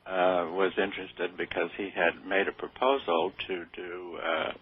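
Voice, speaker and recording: A man's voice: low voice, flat delivery, measured pace, husky, no echo. An older man being interviewed on radio, speaking modestly and hesitantly, with many fillers and restarts. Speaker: interview guest. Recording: tinny phone-like radio sound.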